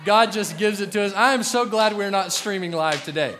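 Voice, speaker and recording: A middle-aged man preaching a sermon to a congregation in a joking, animated way, swinging from loud punchlines to quiet, earnest asides. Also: high voice, brisk, slight background noise. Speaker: pastor.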